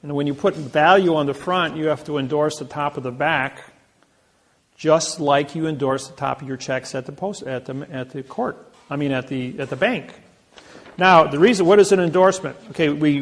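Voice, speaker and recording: A man speaking to a live audience, telling boastful stories and acting out the quotes of others. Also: fairly high pitch. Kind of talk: anecdotal lecture to a live audience.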